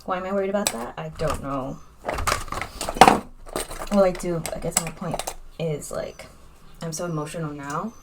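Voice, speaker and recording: A woman's voice: deep voice, normal speed, pauses often, very noisy. A young woman chatting casually in a makeup vlog, rambling and candid, with lots of fillers as she talks. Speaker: vlogger.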